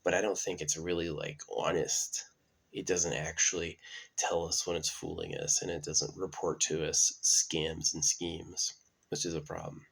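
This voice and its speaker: A man with a deep, gravelly voice who drifts from thought to thought, full of ums and half-started sentences. His tone is husky and rough at the edges. He sounds like someone thinking out loud on his own channel. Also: flat delivery, measured pace. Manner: meandering, many fillers and restarts. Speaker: channel host. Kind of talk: casual rambling monologue.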